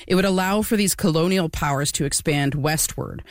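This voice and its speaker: A woman's voice: low voice, moderate pace, no room sound, studio quality. A woman co-hosting a casual history podcast, explaining events with a few fillers. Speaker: podcast co-host.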